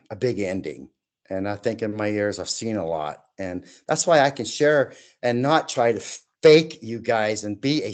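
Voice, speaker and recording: Animated man in his sixties telling stories. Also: mid-range voice. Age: 60s. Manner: animated, acts out voices and sounds in his stories. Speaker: guest. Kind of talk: storytelling in a casual chat.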